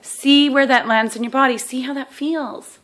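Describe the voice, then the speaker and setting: A woman with a somewhat high voice walks the listener through a self-help exercise. She keeps it casual and chatty, checks in with "okay?" again and again, and pokes fun at herself as she goes. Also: fairly even intonation, normal speed, a bit bright. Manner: self-deprecating humor.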